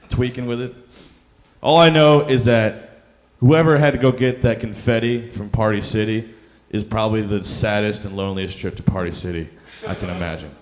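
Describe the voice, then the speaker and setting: A young man works through a stand-up set on a handheld mic in a comedy club. He talks in a loose, rambling, self-deprecating way, padded with fillers, and his voice sits a little lower than most men's. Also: moderate pace, crowd noise. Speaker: stand-up comic.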